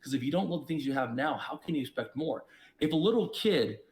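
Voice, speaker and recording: A man who is a podcast guest, telling his own story in an emphatic, preachy way, with sudden jumps in pitch and loudness. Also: animated, fast talker. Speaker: podcast guest, investor and entrepreneur. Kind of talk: reflective storytelling.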